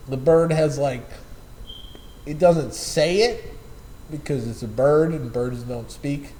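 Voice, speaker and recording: A man's voice: fairly high pitch, slow, mellow, slight background noise, low-quality recording. A man casually telling rambling, profane anecdotes about a former coworker, often repeating and correcting himself. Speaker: storyteller.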